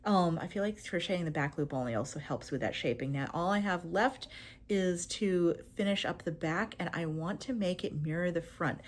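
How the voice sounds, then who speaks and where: A woman's voice: on the low side, moderate pace. A woman talking chattily through her crochet project in a casual crafting vlog, upbeat and with frequent fillers. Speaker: crochet pattern designer.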